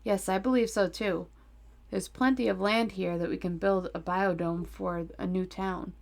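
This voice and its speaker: A calm, polite male astronaut from a children's story, voiced by a woman reading aloud. He explains things evenly, with a gravelly edge. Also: medium pitch, normal speed, natural voice.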